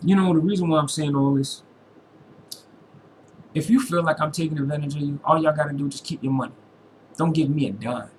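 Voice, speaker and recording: A man's voice: fairly high pitch, fast talker, slight background noise, low-quality recording. A man speaking to his followers in an impassioned, preachy monologue. He quotes scripture, talks in slang, and repeats lines for emphasis. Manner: informal slangy speech. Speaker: religious vlogger.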